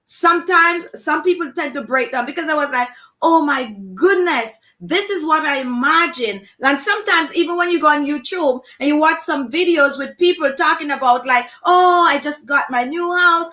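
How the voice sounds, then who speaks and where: A woman hosts a casual live chat in a high, bright voice. She talks emphatically, repeating phrases for stress. Her tone is lively and animated. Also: normal speed. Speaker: host of a live stream.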